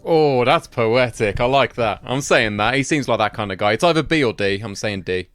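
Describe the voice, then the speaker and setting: A man's voice: medium pitch, lively intonation, moderate pace, a bit bright, dry recording, clean studio sound. A man co-hosting a casual podcast with easygoing, playful banter and frequent laughter. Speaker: podcast co-host. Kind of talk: casual chat.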